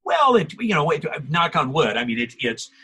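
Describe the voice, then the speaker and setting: Animated older man, husky voice. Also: fairly high pitch, normal speed. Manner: animated storyteller, laughs often, acts out quotes. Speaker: voice actor guest. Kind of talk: casual interview chat.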